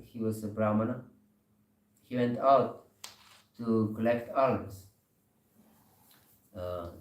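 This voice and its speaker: A man giving a sermon in a temple hall, telling a story slowly with many pauses and soft laughs. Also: mid-range voice, recorded from a distance. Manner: slow storytelling with frequent pauses and hesitations, laughing softly. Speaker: speaker giving a scripture class.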